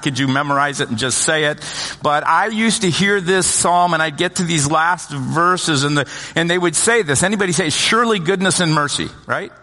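Middle-aged male pastor, storytelling sermon, bright tone, long church reverb. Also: fairly high pitch. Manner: storytelling with humor, lively asides to congregation. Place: church sanctuary.

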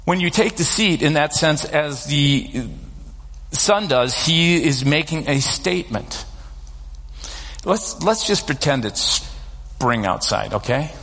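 A man preaching a sermon as pastor, talking in a relaxed conversational storytelling way. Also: on the high side, slow. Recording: long reverb of a large hall.

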